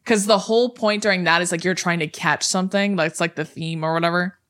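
A woman's voice: lowish voice, quick pace. A woman co-hosting a casual chat, telling a story with lots of swearing and acting out the people in it. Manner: animated storyteller, swears freely, acts out voices and yelps. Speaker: podcast co-host.

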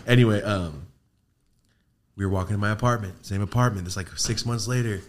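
A man hosting a podcast, telling ghost stories in casual chat, with heavy swearing and animated delivery. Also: on the low side, a little fast, a little hiss or hum. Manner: profane, animated storytelling. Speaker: podcast host.

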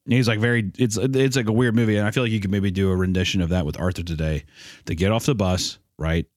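A man's voice: on the low side, fast, dry recording, studio quality. A young man hosting a podcast, rambling through a comic story in casual chat. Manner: rambling, restarts, animated. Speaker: podcast host.

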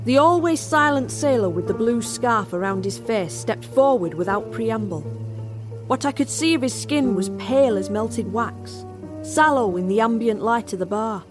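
A woman's voice: on the high side, animated, moderate pace, natural voice. A woman narrating a first-person horror tale as a barmaid in an audio drama. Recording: music score underneath.

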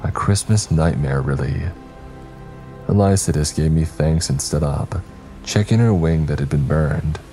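A man narrating a scary story in a steady, wry, scripted storytelling manner. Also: rumbling low, unhurried, soft background music.

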